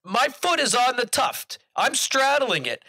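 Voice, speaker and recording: A man tells a hunting story in casual podcast chat, laughing often as he goes. His voice sits high and swings widely, with a bright, forceful ring. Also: very animated, unhurried. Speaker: guest, son telling a hunting story.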